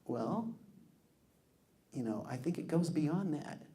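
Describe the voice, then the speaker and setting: A man giving a storytelling speech, lively and acting out the people he quotes. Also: a little high, slow. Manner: animated, acts out quoted people. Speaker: public speaker.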